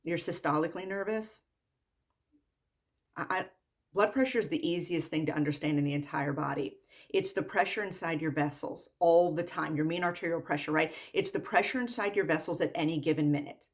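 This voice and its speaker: An exasperated woman rants to the camera about her patients in a slightly low voice. She repeats herself with disbelief and fires off long lists one after another. The delivery is an unscripted vlog monologue. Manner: exasperated, repetitive, rapid-fire lists. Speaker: medical worker.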